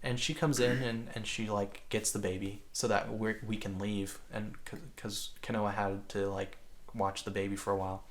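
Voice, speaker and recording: He's a man co-hosting a podcast, with a lowish voice that barely moves in pitch and a normal speaking speed. In casual chat he tells meandering stories, dropping "like" constantly and restarting often.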